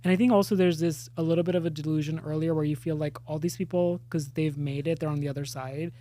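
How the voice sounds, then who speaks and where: A man's voice: on the high side, fast talker. A man in his thirties from India, an actor telling funny stories about himself in a casual chat, laughing as he goes. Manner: animated, self-mocking, laughs through stories. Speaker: actor and podcast guest.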